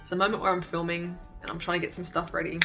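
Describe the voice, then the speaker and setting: A woman's voice: on the low side, little pitch movement, rapid-fire, bright, forceful tone, faint music behind. A young adult woman, talking candidly and self-deprecatingly in a casual vlog, laughing often. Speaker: YouTube creator. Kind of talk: casual reflective vlog talk.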